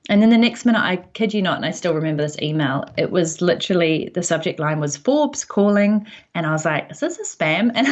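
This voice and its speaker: A woman's voice: deep voice, fast, few pauses, dull audio. A woman with a New Zealand accent, telling stories in a chatty way with plenty of ums as a podcast guest. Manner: chatty storytelling with frequent ums. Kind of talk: casual podcast interview.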